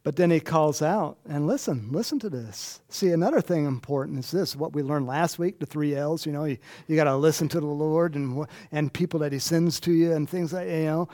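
Male pastor, loose chatty sermon, jokes at his own expense, a bit high-pitched. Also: a little fast, hardly any pauses, dark tone. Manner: chatty, self-deprecating, laughs often. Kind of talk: conversational sermon.

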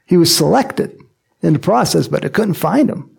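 Animated, gravelly preacher with a jokey manner. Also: male voice, on the high side, moderate pace. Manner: animated and jokey, acts out quotes, frequent chuckles and asides. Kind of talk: sermon, Bible teaching.

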